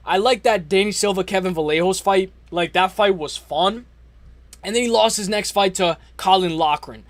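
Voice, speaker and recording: Male streamer, high voice, dry close sound, loose slangy chatter. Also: no room sound. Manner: slangy, rambling, shouts out chatters. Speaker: livestream host. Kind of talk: casual livestream chat.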